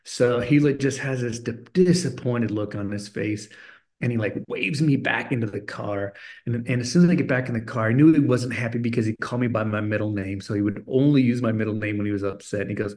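A middle-aged man sits as a guest in a podcast interview and tells a story in a mid-range voice. He speaks in a relaxed, conversational way and brings it to life by acting out the voices of each person in the story. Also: mid-range voice, a little fast. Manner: animated storyteller who acts out voices of people in his story.

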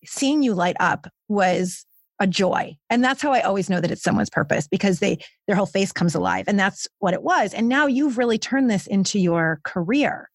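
A woman hosting a podcast interview as a coach, speaking in a reflective, affirming way with drawn-out phrasing. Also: mid-range voice, lively intonation, no room sound, clean studio sound. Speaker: host and life coach.

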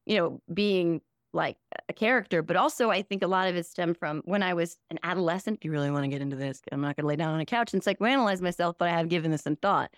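A middle-aged woman from New Jersey, a guest in a casual interview, talking in an animated, quick way and laughing often. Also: fairly low pitch, no room sound, clean studio sound. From New Jersey, USA. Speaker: guest, online satirist.

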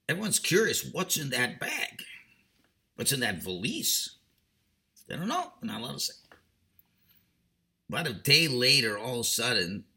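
A man, a rabbi, giving a sermon and telling a parable in an animated way. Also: on the high side. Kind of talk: sermon with storytelling.

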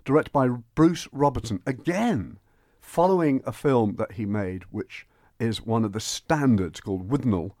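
A man chatting enthusiastically on radio as a film reviewer, animated and prone to quick restarts. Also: mid-range voice, dry recording, studio quality. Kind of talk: radio chat.

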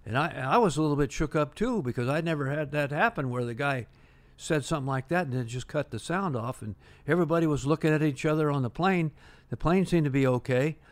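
A man's voice: a little high, fast talker. An older man telling a rambling anecdote as an interview guest, full of restarts and quoted dialogue. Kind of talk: casual anecdote.

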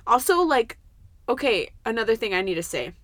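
A woman's voice: a little high, brisk, no echo. A young woman in her twenties co-hosting a casual chat, telling stories with swearing and laughter. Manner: animated storytelling, swearing, bursts of laughter. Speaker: podcast co-host.

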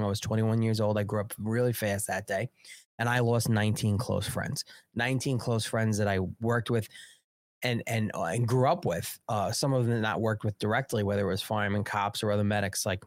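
A man in his forties hosts a live online political show, launching into an unfiltered, angry rant full of profanity. His voice is fairly low, recorded with studio quality and no room sound.

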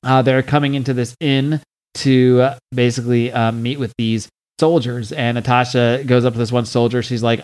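This podcast host is a man whose mid-range voice is dark-leaning, clear and resonant, with little pitch movement and a normal speaking speed. He casually recaps a comic book, full of fillers and restarts, and reads the dialogue aloud.

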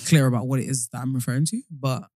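A woman co-hosting a podcast, chatting casually in quick, animated bursts and laughing often. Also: a bass voice, no room sound, clean studio sound. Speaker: podcast co-host. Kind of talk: casual chat.

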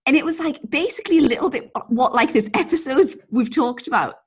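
A woman's voice: high voice, animated, brisk. A woman co-hosting a podcast, telling a rambling anecdote in casual chat, sprinkling in "like" and swearing freely. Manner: chatty storyteller, swears freely, lots of "like". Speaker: podcast co-host.

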